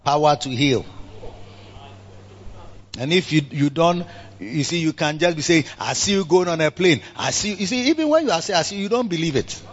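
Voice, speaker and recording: A Ghanaian man with a fairly high voice delivers a church sermon, swinging from loud, shouted exhortation to quiet, wry asides. He slips Twi phrases in among the English. The recording sounds muffled and lo-fi. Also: lively intonation, brisk. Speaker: pastor. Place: church service.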